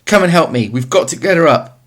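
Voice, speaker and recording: A man voicing a spiteful bully boy who yells in a shrill, panicked voice. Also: animated, fairly quick. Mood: shouting, panicked. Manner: shrill yelling.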